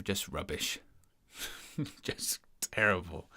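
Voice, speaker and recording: Bright-voiced exasperated football fan. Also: male voice, low voice, drawn-out words, breathy edge. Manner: exasperated, sarcastic fan ranting about his team. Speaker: fan channel presenter. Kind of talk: live match watchalong commentary.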